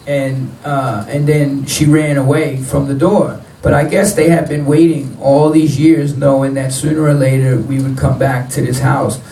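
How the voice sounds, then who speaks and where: A man's voice: fairly high pitch, creaky, dark tone, slight background noise. A man telling blunt, profane stories in a live spoken word performance on stage. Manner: blunt, profane street storytelling. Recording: roomy, distant live-venue recording.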